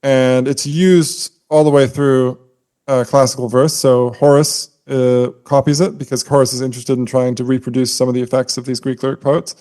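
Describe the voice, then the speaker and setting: A man's voice: mid-range voice, level tone, normal speed, dark tone. A man co-hosting a podcast, explaining poetic meter in a casual, scholarly way and humming out rhythms with his voice. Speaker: podcast co-host.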